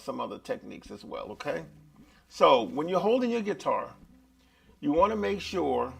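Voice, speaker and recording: A man teaching a live beginner guitar lesson, chatty and relaxed, talking straight to his viewers. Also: medium pitch, vocal fry, slightly rough.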